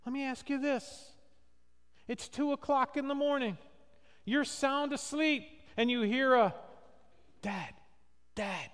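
A man's voice: very high voice, fairly even intonation, unhurried, a bit bright. A male pastor preaching a sermon, telling stories with acted quotes and asking rhetorical questions. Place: church sanctuary. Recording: long reverb of a church hall.

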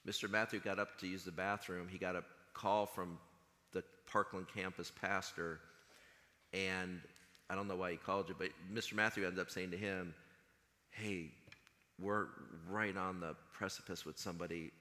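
Deep-voiced man in an echoing chapel. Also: flat delivery, normal speed, bright, forceful tone. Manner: earnest storytelling, quotes others in conversation. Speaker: school chaplain. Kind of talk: chapel talk to students. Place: school chapel. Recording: long hall reverb.

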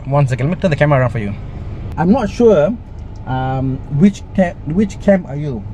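A man's voice: on the high side, lively intonation, moderate pace, mellow, slight background noise. A middle-aged man with a Malaysian English accent, chatting enthusiastically through a car walkaround with lots of exclamations. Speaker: car reviewer.

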